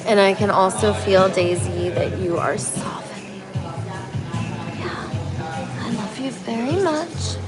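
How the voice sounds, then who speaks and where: A woman's voice: medium pitch, loud music behind the voice, lightly acted. A woman playing an earnest, pleading mother. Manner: slow, earnest therapy-style speech. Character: earnest mother pleading with her grown daughter.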